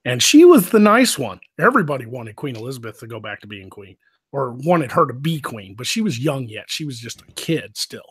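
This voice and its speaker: Hosting a live stream, a man spins loose, profane stories and laughs often in a casual chat. He speaks fairly quickly in a very animated, mid-range voice with a breathy edge.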